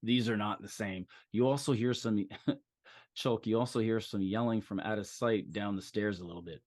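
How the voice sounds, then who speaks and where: A man's voice: lowish voice, normal speed, darkish tone, no echo, studio quality. A man running a tabletop role-play session as game master, narrating in a loose, easygoing way with plenty of fillers.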